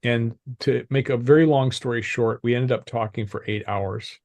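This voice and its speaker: An older man, a guest on an interview show, calmly telling a personal story and laughing often. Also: mid-range voice, dry recording. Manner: calm, measured, laughs often. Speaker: podcast guest, executive coach.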